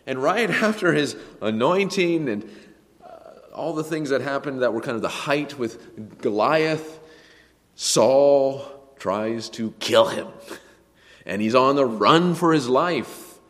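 A man preaching a sermon, emphatic, swinging between a hushed voice and a raised one. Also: medium pitch, expressive, slow pace, long reverb tail. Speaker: pastor.

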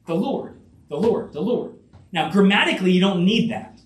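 A man preaches a sermon with a high, animated voice that rises and falls widely. He leans on repetition and emphasis, often restarting phrases with fillers. The sound is roomy and caught from some distance away. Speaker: pastor.

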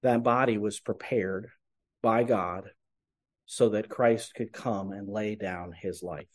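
A man's voice: lowish voice, steady tone, slow. A man preaching a sermon, explaining scripture earnestly and posing rhetorical questions to his congregation. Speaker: pastor.

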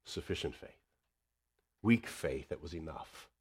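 A man preaching a sermon, swinging between loud emphasis and hushed tenderness. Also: fairly low pitch, big pitch swings, normal speed, pauses often, slightly rough.

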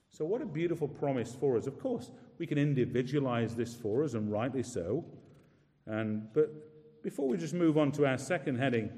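Preacher in an echoing church. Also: male voice, mid-range voice, lively intonation, dark tone. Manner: emphatic, asks rhetorical questions, slows down on scripture. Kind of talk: sermon. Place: church hall. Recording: echoey hall with long reverb.

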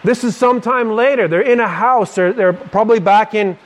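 A man's voice: high-pitched, brisk. A man preaching a sermon in a church, speaking with an emphatic, repetitive cadence.

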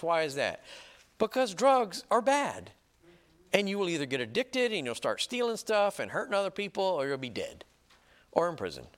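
A man preaches with a lively, swinging delivery that sits a little high for a man. He leans hard on his points, checks in with his listeners again and again, and slows down to read scripture out loud. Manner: emphatic, repeats "right?" and "okay?" to the listeners; reads scripture slowly and loudly. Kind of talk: sermon teaching.

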